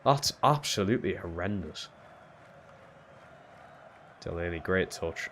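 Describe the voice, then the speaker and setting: Young male streamer, lowish voice, muttered play-by-play with sweary outbursts, faint hiss behind. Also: measured pace, pauses often. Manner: swears freely and swings from low muttering to shouting at big moments. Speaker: streamer playing a football video game. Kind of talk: live gameplay commentary.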